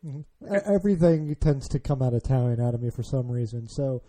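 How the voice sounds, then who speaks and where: A man's voice: medium pitch, lively intonation, fairly quick, dark tone. An American man hosting a car podcast, chatting casually with frequent restarts. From United States. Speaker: podcast host. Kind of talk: casual chat.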